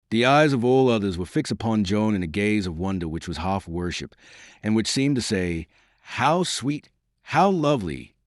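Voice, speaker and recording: A man narrating a historical novel as an audiobook, in a measured, expressive reading on a close mic. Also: fairly low pitch, no echo. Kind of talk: storybook narration.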